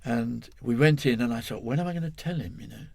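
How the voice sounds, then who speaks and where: Gravelly older man telling a story. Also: medium pitch, quick pace, a little mellow, no echo. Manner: rambling, self-correcting, chuckling storyteller. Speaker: guest. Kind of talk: anecdotal interview storytelling.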